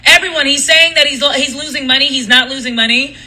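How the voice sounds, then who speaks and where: Very high, bright-voiced man ranting. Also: quick pace, rough recording. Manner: blunt, profane, gossipy. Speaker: livestream host. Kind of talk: casual livestream rant.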